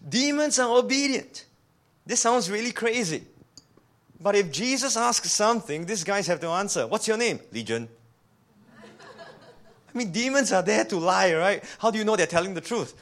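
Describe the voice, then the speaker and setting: A man with a notably high-pitched voice preaches an animated sermon. He presses his points with rhetorical questions and often repeats a word as he restarts a sentence. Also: moderate pace. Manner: repeats words when restarting.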